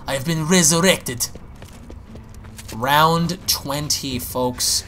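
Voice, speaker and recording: A man giving excitable, profane live commentary while playing a zombie shooter, often repeating his words. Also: fairly high pitch, very slow, a little hiss or hum. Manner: excitable, swears, exclaims and repeats himself. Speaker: gaming YouTuber.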